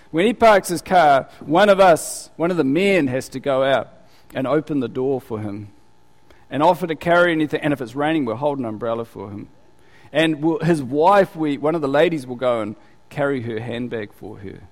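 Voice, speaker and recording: A man's voice: mid-range voice, lively intonation, moderate pace. A male pastor preaching a sermon conversationally, full of rhetorical questions and repeated words. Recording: long hall reverb.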